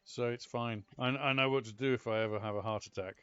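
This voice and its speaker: A British man casually chatting and telling stories while playing a game, animated and exclamatory. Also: mid-range voice, quick pace, smooth, no room sound, dull audio. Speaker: gaming channel host. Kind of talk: casual gameplay commentary.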